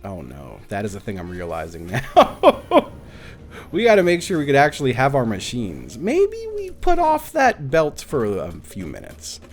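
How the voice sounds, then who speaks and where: A man's voice: mid-range voice, huge pitch swings, unhurried, faint music behind. A man streaming a game live, chatting casually and animatedly with his viewers, swearing now and then. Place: at home.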